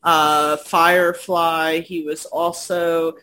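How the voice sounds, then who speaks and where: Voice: medium pitch, level tone, takes it slowly, sharp tone. A speaker in casual chat, enthusiastic, swearing casually and laughing often. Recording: faint background noise.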